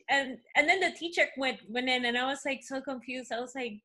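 A woman's voice: high-pitched, brisk, sharp tone. A woman from Peru whose first language is Spanish, telling stories as a guest in a casual conversation, full of "you know, like" fillers.

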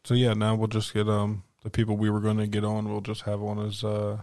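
A man's voice: on the low side, completely flat delivery, brisk, darkish tone, no echo, studio quality. A man co-hosting a podcast in casual chat, loose and laughing, swearing often. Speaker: podcast co-host.

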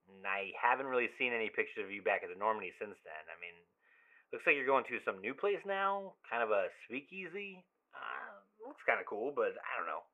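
A man's voice: lowish voice, lightly acted. An actor playing an obsessive young man who leaves rambling, swearing, overly familiar voicemails in an audio drama. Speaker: caller leaving voicemails. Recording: tinny phone-line voicemail.

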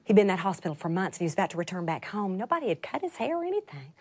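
A middle-aged woman telling a testimony as a sermon, animated, rising to laughing emphasis and dropping to hushed whispers. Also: medium pitch, rapid-fire, husky. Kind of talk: sermon storytelling.

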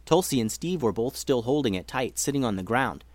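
A man reads a children's story aloud as its host, expressive and varying his pace. His pitch sits in the middle range, and the recording is dry and close. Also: a little fast, no room sound.

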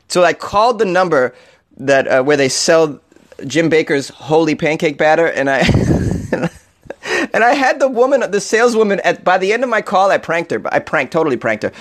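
A man hosting an odd-news show, reading stories aloud and riffing on them with sarcastic, profane jokes and frequent laughter. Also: on the high side.

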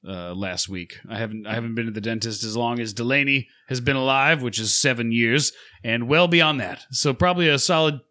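A man's voice: mid-range voice, a little fast, hardly any pauses, pushed and bright. A man in his thirties co-hosting a podcast, telling a rambling, profane story in casual chat and acting out what other people said. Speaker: podcast co-host.

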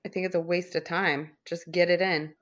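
A woman's voice: on the low side, little pitch movement, moderate pace, a bit bright. A woman co-hosting a podcast, sarcastic and wry in casual chat. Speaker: podcast co-host.

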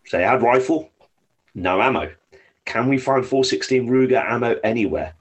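With a mid-range, slightly rough voice and a moderate pace, an English man from the United Kingdom shares hunting tales as a podcast guest. His casual storytelling is lively and full of free swearing.

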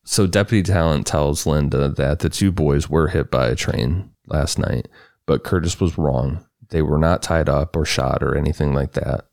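On a true-crime podcast he co-hosts, a man retells the case plainly and matter-of-factly in casual storytelling. His voice is extremely low and darkish, with vocal fry and a moderate pace, recorded dry at studio quality.

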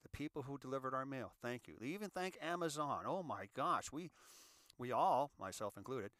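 A man's voice: mid-range voice, lively intonation, normal speed, a bit bright, no echo, studio quality. A man in his sixties hosting a show, talking casually to listeners in a folksy way, often repeating words as he gives advice. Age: 60s. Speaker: show host.

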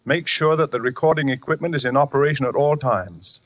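An actor playing a reserved, measured psychiatrist in a 1940s radio drama. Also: male voice, mid-range voice, dry recording, lightly acted. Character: calm, probing male psychiatrist. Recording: dull old radio recording.

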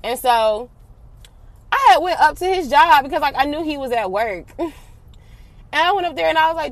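A young adult woman telling a personal story in casual, slangy talk, animated and swearing freely. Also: high-pitched, normal speed, long pauses, no echo.

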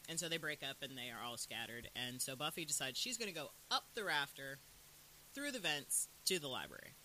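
A co-host in a casual chat, retelling scenes in a lively way and quoting characters. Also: medium pitch, a little fast, poor audio. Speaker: podcast co-host. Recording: faint hiss in background.

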